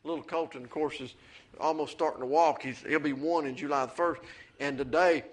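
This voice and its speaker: A man preaching a sermon, mixing folksy family stories with rising, excited calls of amen. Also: a little high, a little fast. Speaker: pastor.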